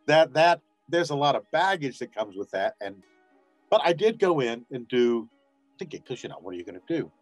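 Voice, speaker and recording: Animated male storyteller, acting out quotes. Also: mid-range voice, moderate pace, dry recording, soft background music. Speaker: voice actor guest. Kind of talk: casual interview storytelling.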